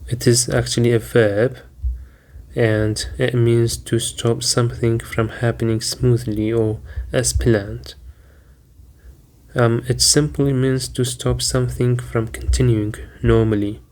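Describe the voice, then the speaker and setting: A man teaching vocabulary, deliberately repeating each word and spelling out its syllables and stress. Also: medium pitch, flat delivery, darkish tone. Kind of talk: slow, careful vocabulary lesson.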